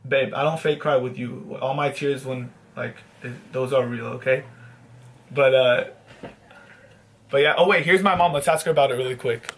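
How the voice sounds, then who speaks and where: A man's voice: mid-range voice, normal speed. A young man vlogging, telling a long casual story with swearing and mock-dramatic sad asides.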